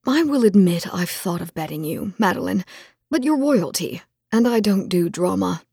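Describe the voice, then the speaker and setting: A woman voicing a breathy, wry young nobleman. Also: medium pitch, expressive, moderate pace, mellow, no room sound, clean studio sound. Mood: gentle. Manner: easygoing, wry, teasing.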